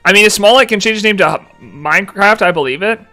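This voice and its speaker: A young man with a high, bright voice talks casually on a live stream in a playful, mock-annoyed way. He reads chat messages aloud and answers them. Faint music plays softly underneath. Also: fast talker.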